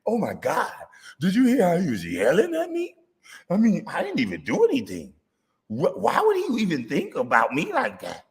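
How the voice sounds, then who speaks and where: A man's voice: wildly swooping pitch, moderate pace, gravelly, full character voice. Man mocking a whiny, simpering grown man. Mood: whining. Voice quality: high, simpering, exaggerated. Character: whiny self-pitying grown man, mocked.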